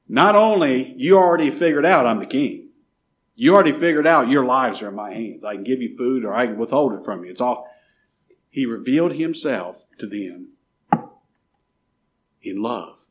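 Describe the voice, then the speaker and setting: Male preacher, sermon delivery with scripture reading, big swings from calling out to hushed. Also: mid-range voice. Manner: reads scripture aloud, swings from loud calls to quiet drops.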